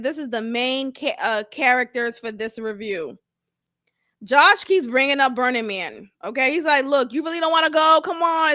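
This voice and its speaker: A woman's voice: high-pitched, dry recording, studio quality. A woman hosting a reality TV review, giving casual commentary with lots of jokes, laughter and swearing. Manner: animated and joking, laughs and swears freely. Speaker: host of a reality TV review channel.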